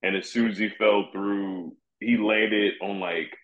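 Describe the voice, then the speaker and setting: A man who is a guest comedian, telling animated, profane stories in casual chat. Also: lowish voice, takes it slowly. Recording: roomy, dull-sounding audio.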